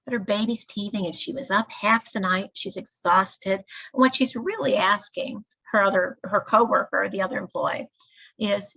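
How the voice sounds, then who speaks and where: Woman trainer, measured and explanatory, gravelly husky voice, dull lo-fi recording. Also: mid-range voice, sharp tone. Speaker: staff trainer.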